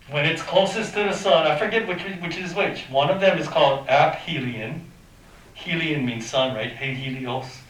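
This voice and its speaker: A man's voice: fairly high pitch, fairly bright tone, distant mic. Man teaching math in an echoey classroom. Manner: informal, quizzes students, makes sound effects. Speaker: high school math teacher. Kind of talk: classroom lecture.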